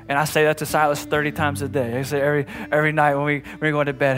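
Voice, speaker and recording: A man's voice: on the high side, little pitch movement, rapid-fire, few pauses, music in the background. A man preaching a sermon as a pastor in a conversational way, often restarting and repeating phrases, building to emphatic passages. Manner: rises to emphatic, louder passages.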